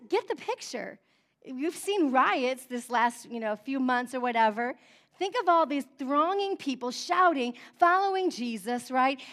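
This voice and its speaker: A woman preaching a sermon, with call-and-response amens, who swings between soft, chatty asides and fervent cries. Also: sits high. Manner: rises to fervent cries, then drops soft and conversational; repeated call-and-response "amen?".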